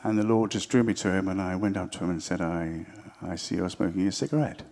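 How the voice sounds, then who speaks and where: A man's voice: sits low, fast talker, a little mellow. A man telling an earnest story to a church gathering, acting out both sides of a conversation. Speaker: church member sharing a story. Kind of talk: spoken testimony to an audience.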